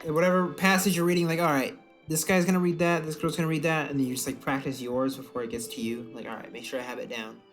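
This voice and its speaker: A man co-hosting a podcast in casual chat, animated and profane, often laughing. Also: fairly high pitch, fast, faint music behind. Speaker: podcast co-host.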